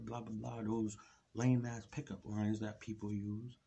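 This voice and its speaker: A man's voice: on the low side, little pitch movement, normal speed, gravelly, dark tone, breathy edge, dull audio. A man giving a blunt, ranting opinion monologue, firing rhetorical questions at his audience. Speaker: vlogger. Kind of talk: solo opinion rant to camera.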